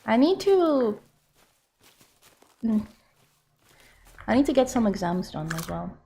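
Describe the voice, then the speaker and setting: A woman's voice: on the high side, big pitch swings, slow, gravelly, dark tone, slight background noise. A woman game streamer chatting casually as she plays, reading out and answering viewer messages. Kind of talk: casual live-stream chat while playing.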